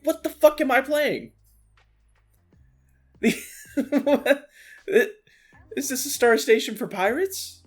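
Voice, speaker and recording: A man ranting about a video game, animated, exasperated and full of swearing. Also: high-pitched. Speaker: streamer. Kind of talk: ranting gameplay commentary. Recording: faint lo-fi music underneath.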